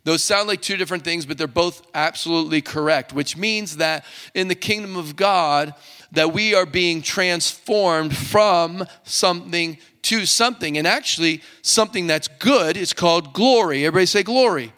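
Guy pastor preaching, jokey and chatty, kinda high voice, big echoey church hall. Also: normal speed, pushed and bright. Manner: joking, conversational preaching to a congregation. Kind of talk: sermon. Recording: long hall reverb.

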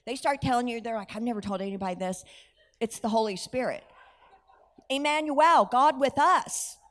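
A woman's voice: fairly high pitch, moderate pace, a bit bright. A woman with a slightly raised voice delivers a sermon as storytelling. She animates each exchange, acts out the dialogue and laughs at her own lines. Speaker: preacher.

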